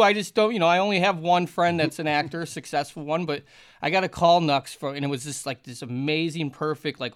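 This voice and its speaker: A man's voice: a little high, fairly bright tone. A man co-hosting a casual podcast chat, rambling with lots of fillers. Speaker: podcast co-host.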